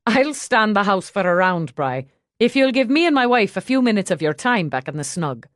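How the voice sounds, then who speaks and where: A steady, understated Irishman of means, as a woman narrator reads him. He speaks in a calm, measured way, with a lively rise and fall in a dry audiobook recording. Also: high voice, no echo. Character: wealthy Irishman returned home, calm and steady. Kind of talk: audiobook character voice.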